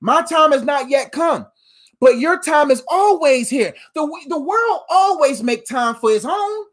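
High-pitched woman preacher, super animated, slangy sermon, keeps saying fam. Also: a little slow. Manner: animated, emphatic, slangy, calls listeners "fam".

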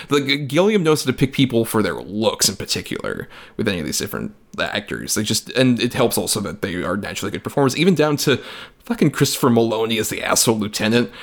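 A man's voice: fairly low pitch, a bit bright. A man co-hosting a movie podcast, chatting casually and rambling, with lots of "like", swearing and acted-out quotes. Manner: rambling, frequent "like", profane, acts out quotes. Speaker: podcast co-host. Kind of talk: casual movie review chat.

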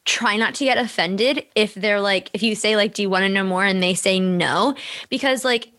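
A woman's voice: mid-range voice, normal speed, a bit bright. A young woman hosting a podcast, talking candidly in casual chat, full of fillers and the odd swear. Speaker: podcast host.

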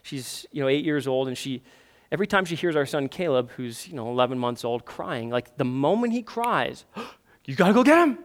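A man's voice: mid-range voice, moderate pace. A man in his thirties preaching a sermon in church, breaking into pleading, acted-out prayers with lots of energy. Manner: animated, acts out prayers in a pleading raised voice. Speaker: pastor. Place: church sanctuary.

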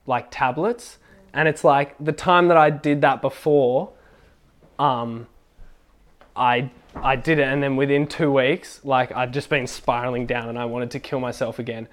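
Young man, casual testimony, chatty and rambling, mid-pitched voice, laughs while talking. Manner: rambling, many "like" fillers, laughs while telling. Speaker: speaker sharing a faith testimony. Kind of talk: personal testimony, casual storytelling.

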